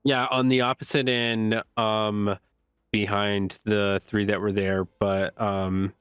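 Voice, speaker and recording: A man running a tabletop game as game master, describing scenes with many pauses and fillers. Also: on the low side, little pitch movement, fairly bright tone, clean tone, no room sound, clean studio sound.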